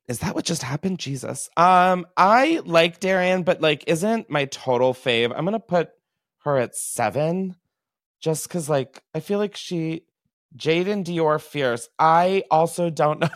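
A man's voice: a little high, a bit bright, dry recording, clean studio sound. A man hosting a casual podcast from his basement, emotional, giggly and casually swearing. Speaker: podcast host.

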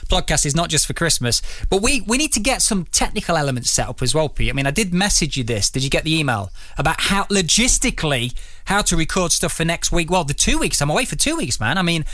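A man hosting a podcast, chatting casually and excitably and laughing often. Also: fairly high pitch, fast talker, dry recording. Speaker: podcast host. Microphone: studio microphone.

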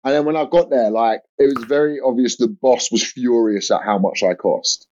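A man's voice: medium pitch, moderate pace. Rambling young man telling a comedy story. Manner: rambling, animated storytelling with lots of fillers and restarts. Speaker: comedian guest. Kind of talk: casual anecdote on a podcast. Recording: dull lo-fi audio.

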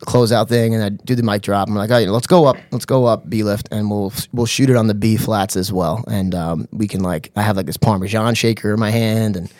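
A man telling a funny story in casual chat, animated and laughing often, with lots of "you know" and "bro". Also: lowish voice, brisk, few pauses, dry recording. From New York area. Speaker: podcast guest.

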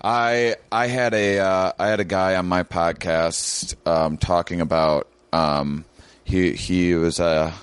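A man's voice: low voice, steady tone, slow, clear, resonant tone, dry recording. A man who is a comedian guest in casual chat, laid-back and explanatory, swearing freely.

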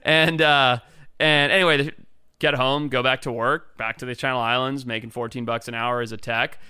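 A man's voice: medium pitch, steady tone, normal speed, bright, forceful tone, clean tone, dry recording, clean studio sound. A man from Africa, a wildlife biologist, telling stories as a podcast guest in a laid-back way, swearing and acting out quotes. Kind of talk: casual storytelling chat.

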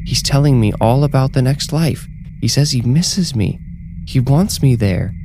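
A man's voice: lowish voice, animated, normal speed, vocal fry, noisy background, voice pushed up. A man doing an eager grieving young widow.

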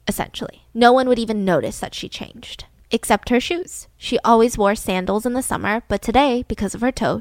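A woman podcast host casually retelling a true-crime story in an animated, chatty way. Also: on the high side, no room sound. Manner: animated, chatty, slips into voices.

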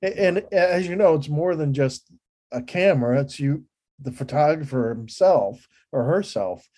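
Mellow-voiced, hesitant male interviewer. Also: on the high side, animated, moderate pace. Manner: hesitant, chuckling, rambling questions. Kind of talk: casual interview.

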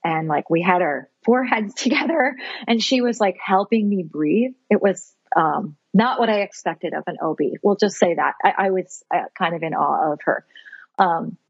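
A woman guest telling a personal story in an animated way, laughing often and saying "like" a lot, with a husky voice. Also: lowish voice, moderate pace, no room sound, lo-fi sound. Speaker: podcast guest.

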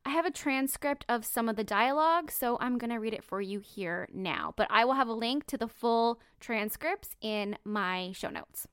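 A woman's voice: a little high, normal speed, hardly any pauses, fairly bright tone, clear, resonant tone, dry recording, studio quality. A woman hosting a true crime podcast, telling the story bluntly and emphatically, swearing casually.

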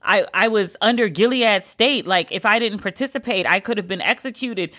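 A woman's voice: medium pitch, moderate pace, pushed and bright. A woman mimicking an entitled, defensive female TV villain who whines to justify herself.

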